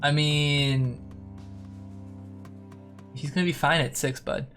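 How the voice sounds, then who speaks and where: A man whose voice is going hoarse, hosting a mobile game update stream in a loose, profane, joking way. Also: fairly high pitch, steady tone, slow pace, a bit bright, soft background music. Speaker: mobile game YouTuber and host. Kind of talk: casual streaming commentary, reading viewer comments.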